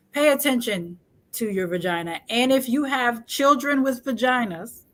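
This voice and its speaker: A woman's voice: mid-range voice, fairly bright tone. A young adult woman hosting a casual chat, talking frankly and joking, often laughing. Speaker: host.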